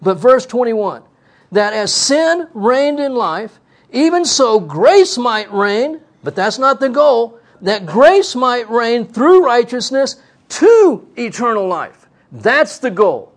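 A man's voice: very high-pitched, very animated, slow pace. A man preaching a sermon, emphatic, asking the congregation rhetorical questions.

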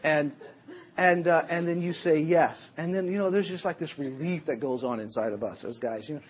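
A middle-aged man preaching a sermon as a Bible teacher, telling jokey, animated stories. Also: on the high side, moderate pace, husky.

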